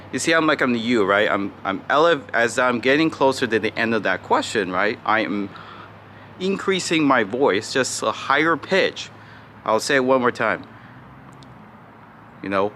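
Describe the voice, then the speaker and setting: A man teaching phone sales technique in a casual tutorial, talking in a mostly flat, unhurried tone and peppering his points with "right?" and "you know". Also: mid-range voice, slight background noise. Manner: calls his own default voice flat and slow, demonstrates tones. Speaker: sales coach.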